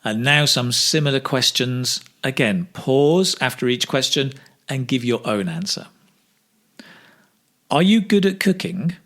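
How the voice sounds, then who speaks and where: Slow, lively male English teacher. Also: mid-range voice. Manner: models phrases slowly with exaggerated intonation. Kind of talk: slow, clear pronunciation drill.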